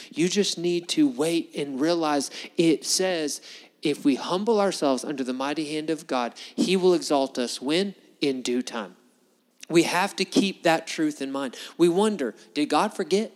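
A man preaching a sermon to a congregation, conversational and animated, full of rhetorical questions. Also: on the high side, measured pace, long reverb tail. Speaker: pastor. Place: church hall before a congregation.

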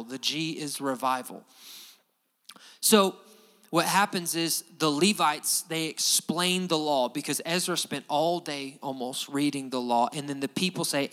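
Male pastor, conversational but emphatic sermon delivery, bright and forceful tone. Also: on the high side, smooth. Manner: animated, emphatic, conversational preaching.

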